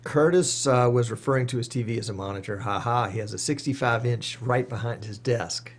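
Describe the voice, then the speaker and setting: A man's voice: mid-range voice, a little fast, breathy edge. A man hosting a live stream, reading viewer comments aloud and answering them off the cuff in casual chat.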